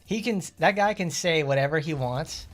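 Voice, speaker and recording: A man's voice: fairly high pitch, normal speed, faint music behind. A man streaming a game and chatting casually, rambling with lots of fillers and blunt, profane asides. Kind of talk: casual gameplay commentary.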